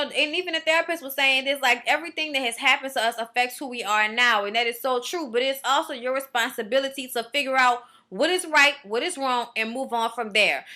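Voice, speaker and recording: A woman reviewing a reality show episode, speaking in a blunt, profane, opinionated way. Her voice sits high and sounds bright. She keeps it casual, like a vlog chat with her viewers.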